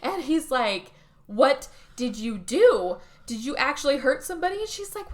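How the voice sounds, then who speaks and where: A woman's voice: high voice, very animated, normal speed. A woman co-hosting a podcast, casually retelling a film's plot and acting out the characters' lines, with some swearing. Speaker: podcast co-host. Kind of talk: casual movie recap chat.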